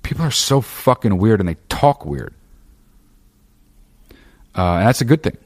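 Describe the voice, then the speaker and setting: Deep-voiced man ranting profanely. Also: expressive, a little slow, a little mellow. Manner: profane, rambling, opinionated; frequent fillers and restarts. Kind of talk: casual monologue.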